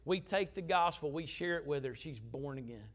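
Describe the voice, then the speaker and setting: High-voiced preacher man. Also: animated, normal speed. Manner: emphatic, conversational preaching with swings in volume. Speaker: pastor. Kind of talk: storytelling sermon.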